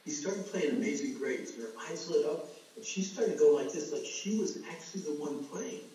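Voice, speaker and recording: Middle-aged male preacher, earnest storyteller, mellow voice, booming hall echo, heard from a distance. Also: expressive, moderate pace. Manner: storytelling, earnest, addresses the congregation as folks. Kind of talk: sermon. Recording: echoey hall, voice from far off.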